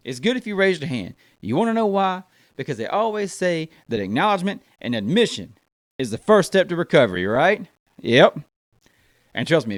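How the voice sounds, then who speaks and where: American guy doing stand-up, high voice that jumps all over, dry close sound, keeps going "man" and "right". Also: dry recording. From United States. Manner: animated, talks to the crowd, fills lines with man and right. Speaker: stand-up comedian. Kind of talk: stand-up comedy routine.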